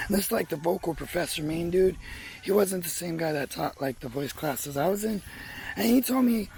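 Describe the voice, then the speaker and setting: A man's voice: fairly high pitch, moderate pace, vocal fry, a little mellow, a little hiss or hum, rough recording. A young man telling his life story in a casual vlog, rambling, frank and swearing freely. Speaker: vlogger.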